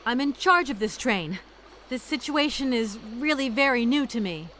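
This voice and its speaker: A woman's voice: a little high, expressive, normal speed, bright, forceful tone, slight background noise. An actress playing a polite woman lawyer with dry wit in a game. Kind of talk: game voice acting.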